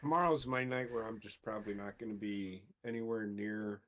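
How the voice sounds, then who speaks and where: A man's voice: lowish voice, fairly quick, fairly bright tone. A man co-hosting a gaming stream, rambling tiredly in casual chat. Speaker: co-host.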